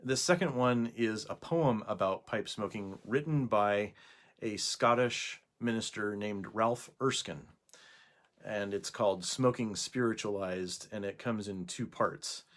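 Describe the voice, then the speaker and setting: A man talking casually to camera indoors for a video response, hesitant, with frequent pauses and fillers. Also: fairly low pitch, fairly bright tone. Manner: hesitant, with many fillers and restarts. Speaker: YouTuber making a video response. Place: indoors at night.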